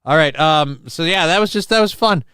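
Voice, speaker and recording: A man's voice: fairly high pitch, animated, a little fast, pushed and bright, clean tone, dry recording, studio quality. A man hosting a live show, ranting with heat, sarcasm and lots of swearing as he reacts to videos. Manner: profane, heated, sarcastic. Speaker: host of a live call-in show.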